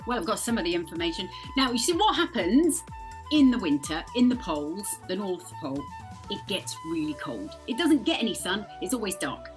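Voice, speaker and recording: A British woman explains the weather in a chatty, playful way, her voice sitting at a medium pitch. Light music plays faintly underneath her talk. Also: very animated, a little fast. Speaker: weather presenter. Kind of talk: casual explainer chat.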